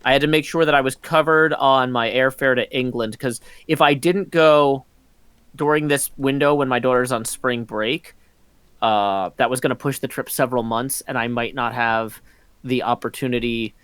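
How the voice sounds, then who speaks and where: A middle-aged man hosts a community meeting on a voice call, rambling through casual chat with frequent ums and bursts of laughter. His mid-range voice is clear, resonant and fairly bright, steady in tone at a moderate pace. He's on a computer mic, with no echo.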